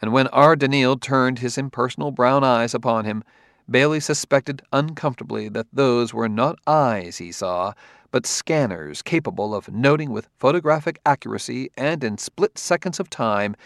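A man narrating a novel in a steady, even storytelling manner. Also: mid-range voice, moderate pace, no echo, studio quality. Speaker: audiobook narrator. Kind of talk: scripted narration.

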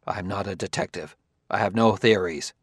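A man voicing a haunted, defensive male robotics expert who swings between cries of protest and low mutters, read as an audiobook character. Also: moderate pace, no echo, studio quality.

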